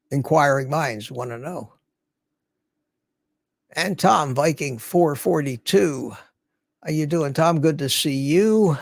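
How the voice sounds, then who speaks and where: Older livestream host, gravelly, raised pitch, dry close sound, chatty and rambling. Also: male voice, slow pace, long pauses, dry recording. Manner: rambling, greets viewers by name. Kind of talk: casual livestream chat. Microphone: studio mic through a mixer.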